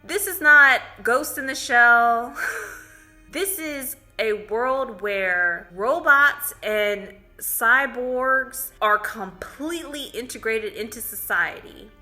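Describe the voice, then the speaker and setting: Woman reviewer, very bright and sharp tone, slow relaxed chatty recap, faint music underneath. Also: on the high side. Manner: chatty storytelling with many "like"s. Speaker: movie reviewer. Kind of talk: casual spoken film recap.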